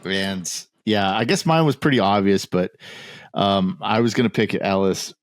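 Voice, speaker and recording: A man's voice: on the low side, moderate pace, no echo, studio quality. A man co-hosting a podcast, chatting casually about a film, laughing often and quoting scenes. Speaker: podcast co-host. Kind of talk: casual movie chat.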